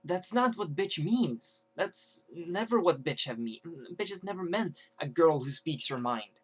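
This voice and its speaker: A man's voice: a little high, expressive, a little slow, slightly rough. A young man ranting to camera as a vlogger, rambling with many fillers and restarts.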